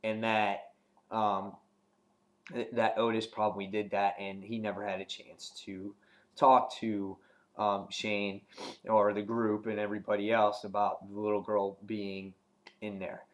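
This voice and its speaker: A man giving a casual spoken review of a TV episode, rambling with many ums and restarts, and getting animated when he retells scenes. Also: lowish voice, a little slow. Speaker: TV show reviewer.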